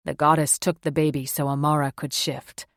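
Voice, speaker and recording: A woman voicing a protective male werewolf tracker in an audiobook, speaking low and calm. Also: moderate pace, dry recording, clean studio sound. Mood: steady, reassuring.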